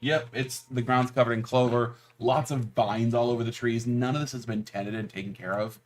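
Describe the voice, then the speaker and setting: A man's voice: medium pitch, fairly even intonation, fairly quick. A man on a gaming stream, chatting casually and rambling through descriptions with lots of fillers. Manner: rambling, describes things at length with many fillers. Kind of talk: casual livestream chat.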